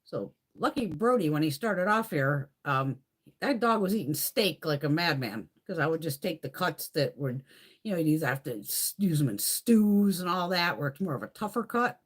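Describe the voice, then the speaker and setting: A woman's voice: low voice, lively intonation, moderate pace, slightly rough. A woman hosting a beauty live stream from home, chatting casually with blunt, profane storytelling.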